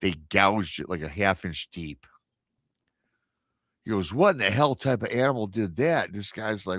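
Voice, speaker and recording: A man on a paranormal radio show retelling an encounter story in a casual, animated way, acting out the quoted voices and often restarting his sentences. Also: lowish voice, moderate pace, pauses often, no echo.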